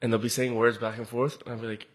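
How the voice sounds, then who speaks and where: A man co-hosting a casual podcast, relaxed and slangy, acting out quoted lines. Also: medium pitch, fast talker. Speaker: podcast co-host. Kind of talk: casual chat.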